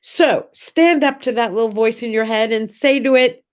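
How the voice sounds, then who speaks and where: A woman's voice: medium pitch, lively intonation, moderate pace. A woman hosting her morning vlog from a room at home, chatting with viewers in an encouraging way and often asking them questions. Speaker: host. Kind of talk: casual morning vlog talk.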